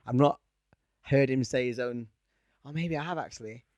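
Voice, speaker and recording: A man's voice: mid-range voice, normal speed, darkish tone, no room sound. A man co-hosting a podcast, talking in a rambling, jokey, self-mocking way. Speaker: podcast co-host. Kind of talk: casual podcast banter.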